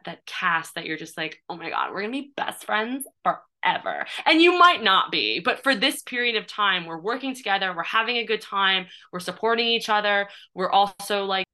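A woman's voice: mid-range voice, sharp tone. A woman in her thirties, a playwright and performer, chatting in an interview with lots of fillers and restarts. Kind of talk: casual interview chat.

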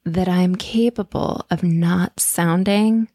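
A woman co-hosting a podcast in casual chat, playful, with some vocal fry, speeding up when excited. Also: lowish voice, slow pace, dry recording, studio quality. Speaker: podcast co-host.

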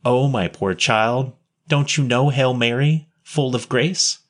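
A man's voice: medium pitch, slow pace, voice pushed up. A man voicing a kindly nun who questions a street boy tenderly, reading a story aloud. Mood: tender, pleading. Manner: tender, pitying, coaxing. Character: kindly gentle nun, adult woman.

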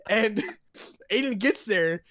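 A man's voice: sits high, animated, takes it slowly, fairly bright tone, no room sound. A young man co-hosting a podcast, telling stories about himself in a laid-back, self-mocking way with lots of swearing. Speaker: podcast co-host. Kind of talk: casual chat. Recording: muffled, slightly lo-fi.

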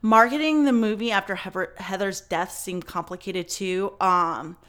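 A woman's voice: mid-range voice, moderate pace, a bit bright. A woman hosting a podcast, telling a story in casual chat with lots of fillers and some swearing. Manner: chatty, many fillers, swears. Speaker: podcast host.

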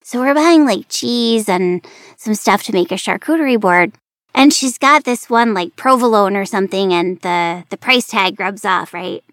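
A chatty woman hosting a casual interview, telling stories and laughing often. Her voice sits at a medium pitch. The sound is dry and close. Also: normal speed, fairly bright tone, dry recording. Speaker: podcast host and French teacher.

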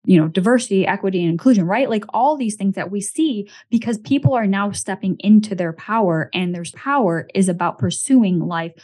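A woman's voice: medium pitch, fairly quick, few pauses, darkish tone. A woman hosting a podcast in casual chat, talking in an emphatic, motivational way and often checking in with "right?". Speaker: podcast host.

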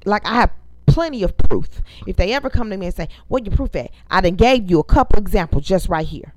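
A woman's voice: medium pitch, lively intonation, fast, dry recording. A woman, venting to viewers as host of her own casual talk show, emphatic and profane. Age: 30s. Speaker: podcast host. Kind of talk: casual storytelling rant.

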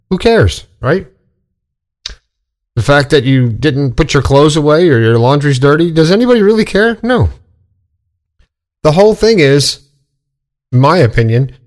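A middle-aged man hosting a podcast, talking casually and bluntly, with swearing, as he lectures about staying positive. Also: a little high. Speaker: podcast host. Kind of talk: casual monologue.

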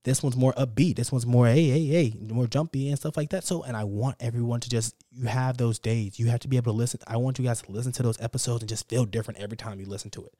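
A man's voice: medium pitch, fairly even intonation, racing, few pauses, warm tone, no echo. A young man hosting his own podcast alone, talking unscripted in an upbeat, motivational, repetitive way into a close mic. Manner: talks from the heart without a script. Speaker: podcast host. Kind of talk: casual solo podcast monologue.

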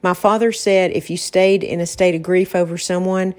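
A woman's voice: on the low side, steady tone, moderate pace, darkish tone. A woman hosting a podcast, talking in a reflective, casual way about faith and getting through hard times. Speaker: podcast host.

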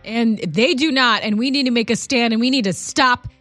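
A woman's voice: a little high, moderate pace, a bit bright, no echo, faint music behind. A woman guest-hosting a talk show, chatty and indignant, speaking emphatically. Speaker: guest host.

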